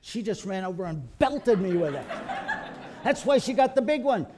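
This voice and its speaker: A middle-aged man from Kentucky, telling animated stories to a live audience in a folksy preaching style, calling the listeners folks. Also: sits high, normal speed, noisy background. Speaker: creationist speaker.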